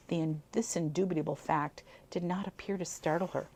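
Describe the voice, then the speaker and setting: A woman from Buffalo, New York, reading an old story aloud with lively, amused asides. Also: low-pitched, a little fast. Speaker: reader of old clippings.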